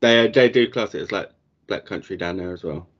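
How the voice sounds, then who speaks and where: A man's voice: low-pitched, fairly quick, slight background noise. A young man, chatting casually and chipping in with bits of trivia. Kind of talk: casual chat. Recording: dull lo-fi audio.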